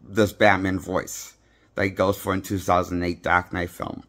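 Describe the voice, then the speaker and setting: A man's voice: sits low, level tone, normal speed, fairly bright tone. A man giving a rambling, blunt casual movie review, recorded on a handheld phone. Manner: rambling, blunt, repeats himself. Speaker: movie critic.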